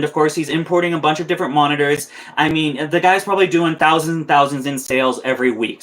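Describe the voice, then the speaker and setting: A man's voice: on the high side, a bit bright. A young man live-streaming as a reptile keeper, ranting in a heated, profane way with many restarts. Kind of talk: casual live-stream rant.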